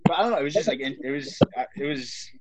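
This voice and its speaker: A man's voice: medium pitch, animated, quick pace, background noise. A young man hosting a podcast in casual chat, rambling with lots of filler words. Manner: rambling, lots of "like" and "you know what I mean". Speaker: podcast host.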